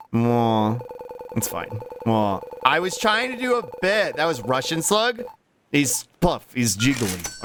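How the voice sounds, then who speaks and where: A man's voice: mid-range voice, background noise. A man streaming a role-playing game, goofing around, swearing, and humming nonsense syllables. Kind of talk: casual game commentary.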